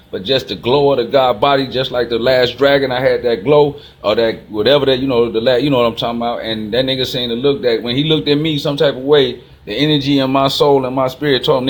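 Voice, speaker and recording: A man with a Chicago accent delivering a rambling, casual monologue, telling stories fast and acting out both sides of the exchanges. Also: mid-range voice, fairly even intonation. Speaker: channel host.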